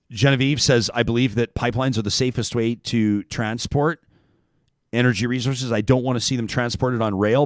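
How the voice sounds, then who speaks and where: A man's voice: mid-range voice, no room sound, studio quality. Man hosting a talk show, reading comments. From Canada. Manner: joking, reads listener comments aloud. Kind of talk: casual talk show chat.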